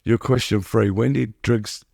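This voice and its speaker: A middle-aged man, a guest telling his story haltingly, repeating words and saying "you know what I mean" often. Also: lowish voice, fairly even intonation, creaky, darkish tone, no echo, studio quality. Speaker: podcast guest. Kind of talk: candid recovery interview.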